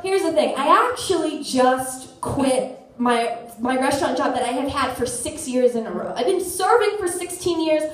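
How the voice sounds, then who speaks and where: A woman in her thirties telling a story on a theater stage, animated and self-mocking. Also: high-pitched, far from the mic, noisy background. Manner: animated, self-mocking, quick shifts into voices. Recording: echoey theater, voice from afar.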